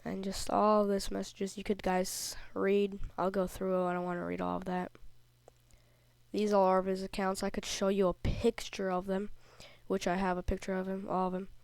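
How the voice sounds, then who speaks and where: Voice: medium pitch, monotone, moderate pace, gravelly, a little mellow, smooth, dry recording. A young kid, not yet through puberty, telling a rambling, indignant story in a casual vlog while a little sick. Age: child, before puberty. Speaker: video creator. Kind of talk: casual vlog commentary over screenshots.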